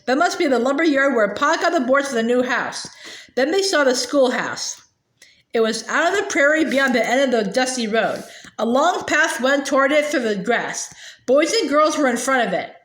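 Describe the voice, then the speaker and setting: A woman reading a children's book aloud in a halting way, with fillers and restarts. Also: high-pitched, fairly bright tone. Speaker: reader. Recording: echoey room.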